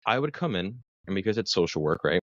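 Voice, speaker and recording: Deep-voiced man telling a profane, rambling story. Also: big pitch swings, quick pace, no echo, highs cut off. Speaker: guest, mental health clinician for first responders. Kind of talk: casual podcast chat, long personal story.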